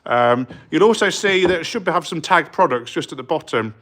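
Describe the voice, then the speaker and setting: A man's voice: fairly high pitch, lively intonation, moderate pace, a bit bright. A middle-aged man from England chatting casually on a live stream while working in his art studio, rambling with plenty of ums and eagerly greeting viewers. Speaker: street artist streaming live.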